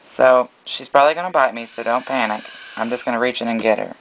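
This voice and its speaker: A man's voice: mid-range voice, fast, creaky, fairly bright tone, slight background noise, poor audio. A man running a casual vlog as a reptile breeder, mixing cooing baby talk to his animals with plain explanation.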